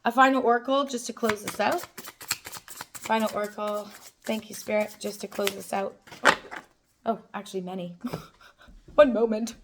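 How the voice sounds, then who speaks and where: A young woman giving a spiritual tarot reading to her viewers, enthusiastic and affirming, often saying "like" and "boom". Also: steady tone, normal speed, pauses often, noisy background. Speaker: tarot reader.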